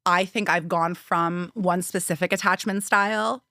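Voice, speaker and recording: A woman's voice: fairly low pitch, fairly even intonation, normal speed, bright, forceful tone, dry recording, studio quality. A young woman co-hosting a podcast, explaining psychology in a chatty way with frequent laughs. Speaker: podcast co-host. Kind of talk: casual chat explaining psychology.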